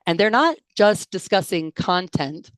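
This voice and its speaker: Young woman, low voice, chatty trainer on a video call, dry close sound. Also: animated, unhurried, no echo. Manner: chatty and playful, laughs and reacts to chat comments. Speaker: interpreting trainer giving an online talk. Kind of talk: live webinar presentation with audience chat. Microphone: computer mic on a video call.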